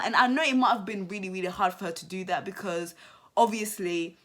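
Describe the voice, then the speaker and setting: A young woman commenting on a reality TV episode to her channel viewers, chatty and animated, repeating herself and saying "like" often. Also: medium pitch, fairly quick. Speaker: YouTube reality show commentator. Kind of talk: casual commentary to camera.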